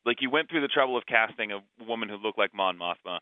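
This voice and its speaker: A man's voice: fairly low pitch, expressive, quick pace, no echo, phone-quality sound. A man co-hosting a casual movie discussion podcast, rambling and opinionated, with lots of fillers. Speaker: podcast co-host.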